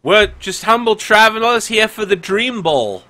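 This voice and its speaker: Guy doing a chipper young traveler dude, high and loud, bright tone. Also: animated, unhurried, heavily acted. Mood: cheery. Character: friendly young male toga-clad traveler.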